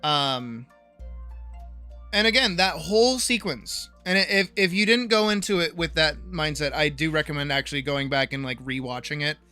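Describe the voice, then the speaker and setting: Sharp-toned streamer woman, animated and sweary. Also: deep voice, moderate pace, soft background music. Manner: animated, swears freely, keeps asking "right?". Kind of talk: casual livestream chat about character writing.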